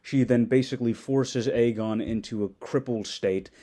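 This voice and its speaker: A man delivering an exasperated, mocking rant with a lot of swearing. His voice is dark and mellow, and his pitch sits in a plain middle range. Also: normal speed. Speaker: video commentator. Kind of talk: sarcastic ranting commentary.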